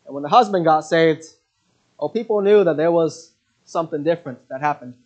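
A man preaching a sermon who tells mission stories in an earnest, halting way, with many fillers. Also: a little high, darkish tone. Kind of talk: sermon with storytelling. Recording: dull lo-fi recording.

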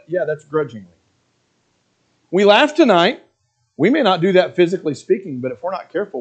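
A man's voice: high voice, big pitch swings, normal speed, pauses often. A middle-aged male pastor preaching a sermon, earnest and plain, who slips into mocking asides as he quotes reluctant givers.

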